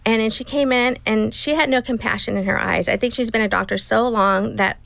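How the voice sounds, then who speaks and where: A woman's voice: on the high side, fairly even intonation, a little fast, vocal fry, fairly bright tone, no echo, poor audio. A woman in her fifties tells a personal story to an interviewer, speaking emotionally and acting out what others said in quotes. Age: 50s. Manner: emotional, retelling dialogue in quotes. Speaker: guest.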